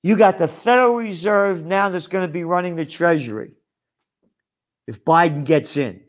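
A man's voice: sits high, moderate pace. An older man, a trend forecaster, delivering a sarcastic, scornful ranting monologue full of name-calling.

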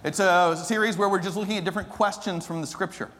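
A man preaching a sermon as pastor, telling a story that moves from animated to hushed and earnest. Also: high-pitched, fast talker. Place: church sanctuary. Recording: long reverb of a church hall.

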